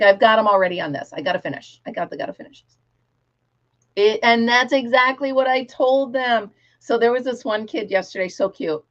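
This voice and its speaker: A woman's voice: mid-range voice, dull audio. A middle-aged woman hosting a casual craft livestream, chatty, laughing often and breaking into bits of song. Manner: chatty, laughs often, sings snatches of songs.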